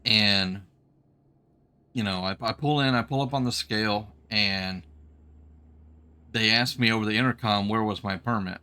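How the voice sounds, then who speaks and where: A man streaming a trucking game from a home setup, telling an old road story into a desk microphone. His voice is a little low, yet bright and forceful. He rambles in a folksy way, full of ums and restarts as he talks. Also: moderate pace, pauses often, clear, resonant tone. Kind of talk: casual storytelling while gaming.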